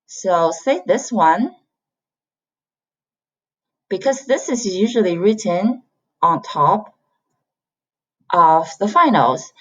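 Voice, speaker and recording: A woman's voice: mid-range voice, animated, poor audio. A woman from China, a native Chinese speaker, teaching an online Chinese lesson and patiently repeating each sound for learners. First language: Mandarin Chinese. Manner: slow, patient, demonstrates sounds by repeating them.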